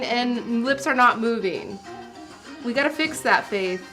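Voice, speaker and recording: A bubbly young woman chatting on a livestream from her tea room, her voice pitched high. She talks casually and warmly to viewers, laughing often, with music playing clearly behind her. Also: expressive, measured pace. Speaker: tea stream host.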